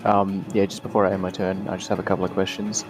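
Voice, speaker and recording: A man's voice: sits low, level tone, fast, music in the background. An Australian man playing a tabletop game, speaking hesitantly with fillers as he asks questions about the rules. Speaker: player. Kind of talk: casual tabletop play.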